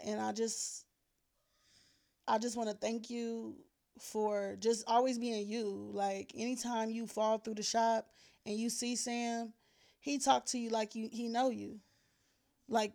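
A woman's voice: fairly high pitch, creaky, a little mellow. A woman from Los Angeles co-hosting a casual podcast, talking in a heartfelt, candid and slangy way. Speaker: podcast co-host.

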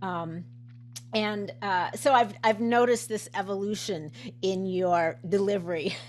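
A coach and nutritionist chats casually in a mid-range, steady voice, a little slow, with slight background noise. She laughs frequently and keeps restarting, with many fillers.

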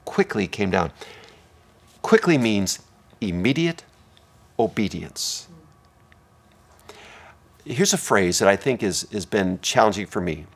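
A man preaching a sermon as pastor, swinging between hushed, intimate lines and loud, emphatic ones. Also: on the low side, lively intonation, measured pace, long pauses, husky.

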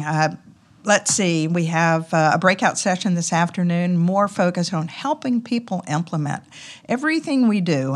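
A woman with a Southern US drawl talks as a podcast guest, her voice sitting very low. She chats in an upbeat, easygoing way and scatters ums and uhs through her sentences. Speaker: podcast guest, company executive. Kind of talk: casual interview talk.

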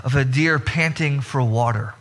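A man's voice: medium pitch, moderate pace, fairly bright tone. A man preaching a sermon in an earnest way, often repeating words and restarting his sentences. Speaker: pastor. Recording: long hall reverb.

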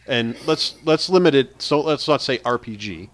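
A man's voice: medium pitch, expressive, moderate pace, a bit bright, a little hiss or hum. A man hosting a casual podcast, steering the talk along with loose restarts. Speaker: podcast host. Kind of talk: casual chat.

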